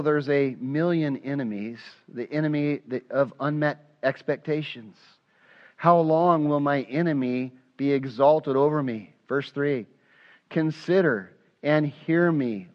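A man's voice: medium pitch, dull audio. A man preaching a sermon as pastor, acting out prayers aloud with passion. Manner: impassioned, acts out prayers aloud.

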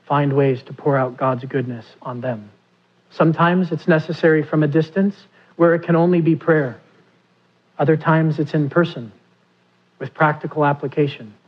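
A man's voice: on the high side, breathy edge, muffled recording. A man preaching a sermon, who asks his listeners questions and acts out the pleas he quotes. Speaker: pastor.

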